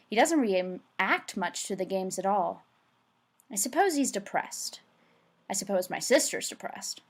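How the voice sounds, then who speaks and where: Woman reading a novel aloud. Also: mid-range voice. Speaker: reader.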